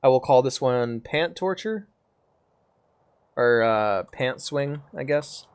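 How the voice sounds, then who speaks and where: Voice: medium pitch, expressive, slow, smooth. A VTuber streamer giving casual live gameplay commentary, playful and giggly, swearing casually and meowing now and then.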